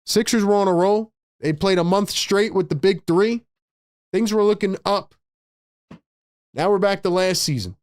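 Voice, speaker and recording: A man on a live sports stream rants to his chat in a high, agitated voice, dropping "bro" into nearly every line. The sound is dry and close, with no room around it. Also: moderate pace, pauses often, no echo. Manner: frustrated, ranting, says "bro" a lot. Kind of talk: live stream fan rant.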